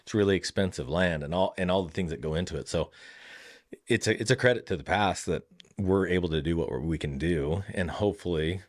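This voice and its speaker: A man's voice: low voice, brisk. A man who owns a family farm, speaking as a podcast guest in an earnest, reflective way, often restarting his sentences as he thinks. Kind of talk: casual interview chat.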